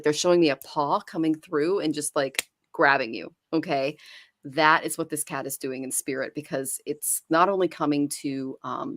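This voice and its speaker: Lady with a low voice doing a reading, chatty and caring, dry sound. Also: no echo. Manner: warm, chatty, laughs while talking. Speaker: psychic reader. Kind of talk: live online reading.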